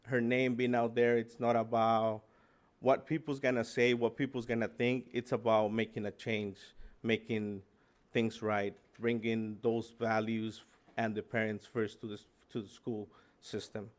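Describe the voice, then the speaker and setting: A man giving a public comment at a school board meeting in support of his wife, speaking haltingly with many restarts and self-corrections. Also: mid-range voice.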